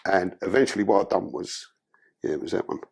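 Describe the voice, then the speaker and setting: Bloke, gravelly rough voice, low-ish, telling his story straight with plenty of swearing. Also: steady tone, fast talker. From London. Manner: blunt, profane storytelling. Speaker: podcast guest. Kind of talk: candid life-story interview.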